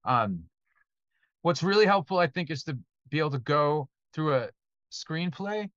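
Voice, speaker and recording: A man's voice: on the high side, expressive, a little slow, fairly bright tone, no room sound, dull audio. A man who composes film music, answering student questions in a loose, conversational way, now and then swearing and acting out what directors tell him. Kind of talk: casual Q&A talk.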